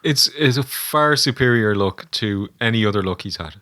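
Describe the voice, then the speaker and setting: A man co-hosting a podcast in casual comedic review chat, animated and playful. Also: lowish voice, normal speed, no room sound, clean studio sound. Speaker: podcast co-host.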